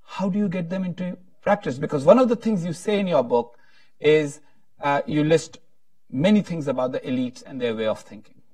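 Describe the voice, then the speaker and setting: A man's voice: a little high, moderate pace, a little mellow, dry recording, distant mic. Hesitant male panel moderator. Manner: rambling, hesitant, frequent restarts. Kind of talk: panel discussion Q&A.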